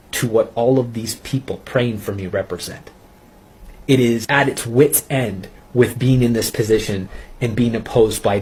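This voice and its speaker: A man telling his personal faith testimony in an earnest, intense way, pausing and restarting as he recounts it. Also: on the low side, darkish tone, husky. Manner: earnest, intense storytelling with halting pauses. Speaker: testimony speaker.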